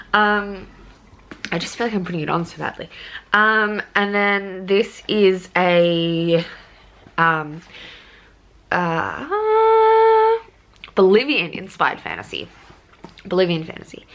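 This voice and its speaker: A young woman with an Australian accent talks through her book haul in a casual vlog. Her voice sits a little low, and she rambles with lots of ums and self-corrections. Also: fairly bright tone. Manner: chatty, rambling, full of ums and restarts. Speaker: book vlogger.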